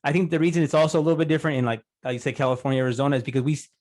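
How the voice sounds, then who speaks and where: A man's voice: a little high, darkish tone. A man hosting a podcast, chatting casually with his guest and filling his talk with "you know" and "like". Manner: quick, chatty, many fillers. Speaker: podcast host. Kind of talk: casual interview chat.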